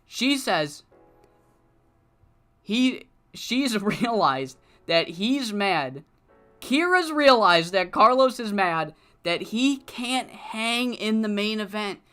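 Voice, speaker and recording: A man streaming a wrestling management game, recapping the show in a rambling, animated, swearing way. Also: high-pitched, slow pace, soft background music. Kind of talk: casual recap of a wrestling sim.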